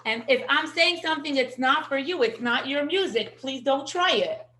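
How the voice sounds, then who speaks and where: Lady teaching a parenting class, chatty storyteller, kinda high voice, echoey room. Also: normal speed, a little hiss or hum. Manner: animated storyteller who acts out quotes and sprinkles in Yiddish words. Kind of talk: casual class talk.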